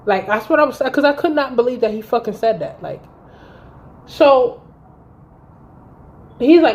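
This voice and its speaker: A woman's voice: fairly high pitch, expressive, unhurried, long pauses, a little mellow. A woman in her thirties telling a heated personal story in a vlog, blunt and swearing freely. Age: 30s. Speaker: vlogger.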